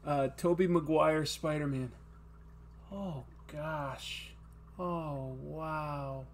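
A man's voice: fairly high pitch, steady tone, extremely slow, a little hiss or hum. Self-mocking man chatting while drawing. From Boston area. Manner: self-mocking, laughs at his own jokes. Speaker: host. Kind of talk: casual chat while drawing.

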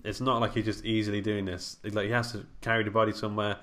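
A man's voice: fairly low pitch, level tone, quick pace, a bit bright. A man with a British English accent, co-hosting a podcast and recapping a film's plot in a rambling, casual way. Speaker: podcast co-host. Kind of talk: casual film discussion.

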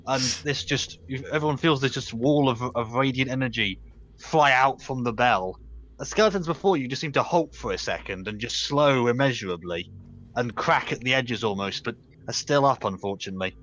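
A man's voice: medium pitch, normal speed, a bit bright. A man narrating a tabletop game as game master, casual and stumbling over restarts as he describes the scene.

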